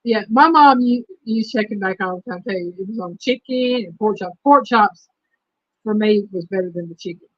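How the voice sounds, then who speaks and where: A woman hosting a casual livestream chat, reading trivia questions slowly and repeating them. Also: medium pitch, no room sound. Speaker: host. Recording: dull lo-fi stream audio.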